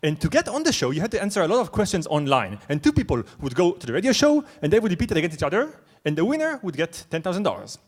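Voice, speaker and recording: A young man from Israel telling a true story on stage, animated, excitable and self-mocking. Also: high-pitched, racing, hardly any pauses. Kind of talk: live storytelling. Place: stage at a live event.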